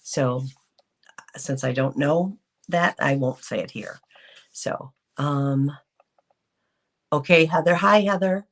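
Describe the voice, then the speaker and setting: Speaking slowly in a bass voice and pausing often, a woman hosts a casual live reaction stream. She talks off the cuff with lots of ums and greets viewers in the chat.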